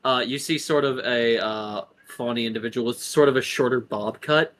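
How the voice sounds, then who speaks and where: A man's voice: medium pitch, moderate pace, a bit bright, a little hiss or hum. A man narrating as game master in a tabletop game, rambling with lots of ums and uhs.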